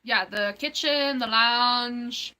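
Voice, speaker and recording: Bright, chatty woman livestreamer. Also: fairly high pitch, slow pace, low-quality recording. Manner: chatty, rambling, lots of fillers. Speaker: livestream host. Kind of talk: casual livestream chat.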